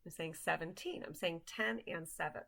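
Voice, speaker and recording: A woman teaching a language lesson, saying each word slowly and repeating it carefully for learners before explaining. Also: lowish voice, gravelly, fairly bright tone. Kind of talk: slow, deliberate language drill with explanations.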